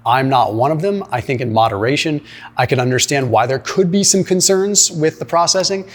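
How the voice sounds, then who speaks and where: A man's voice: a little high, brisk. Man, nutrition commentator, emphatic, explanatory, conversational. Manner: emphatic, explanatory, peppers speech with "right?" and "like". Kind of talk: commentary reacting to a clip.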